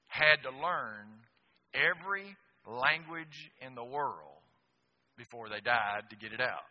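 A man's voice: fairly high pitch, sharp tone. A man preaching a sermon to a congregation, emphatic and asking the room rhetorical questions. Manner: emphatic, frequent rhetorical "Okay?" checks.

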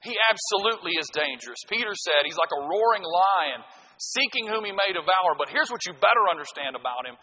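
A middle-aged man preaching a sermon, swinging from loud, punchy lines to hushed ones. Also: sits high, animated, fairly quick, long reverb tail, poor audio. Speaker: pastor.

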